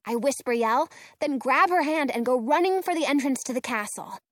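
Brief: woman reading a children's book aloud, lively and slow, dry close sound. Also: sits high, no room sound. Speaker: audiobook reader. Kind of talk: first-person storybook narration.

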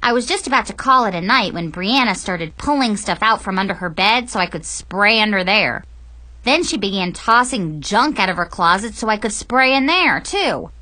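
A young adult woman reading a comic first-person story aloud as an audiobook narrator, animated and playful in delivery. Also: medium pitch, moderate pace.

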